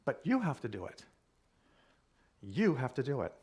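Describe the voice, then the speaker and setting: Man, minister, conversational sermon, repeats key phrases, middle pitch. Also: big pitch swings, moderate pace, a little mellow.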